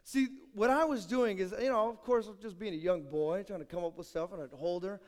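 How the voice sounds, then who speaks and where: A male pastor preaching a sermon with dramatic storytelling, swinging between loud and soft. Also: sits high, fairly quick. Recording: echoey hall.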